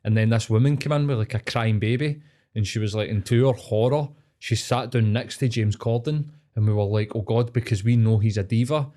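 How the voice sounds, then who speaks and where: A man's voice: fairly low pitch, a little fast, mellow. A man with a Scottish accent, a podcast host chatting casually, swearing freely and rambling with lots of fillers. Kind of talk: casual chat.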